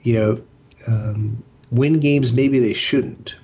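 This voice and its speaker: A man co-hosting casual sports analysis, measured, with many fillers. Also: mid-range voice, steady tone, a little mellow, breathy edge. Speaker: podcast co-host. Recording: slightly dull lo-fi audio.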